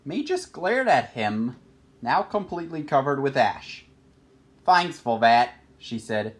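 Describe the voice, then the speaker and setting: A man narrating a storybook chapter in an expressive, scripted reading. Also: mid-range voice, a little slow. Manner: expressive, lively. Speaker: audiobook narrator.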